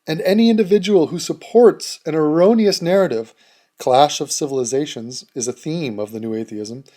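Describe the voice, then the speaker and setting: A man hosting a commentary video who reads a text aloud and mocks it with deadpan sarcasm. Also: a little high. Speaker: video host.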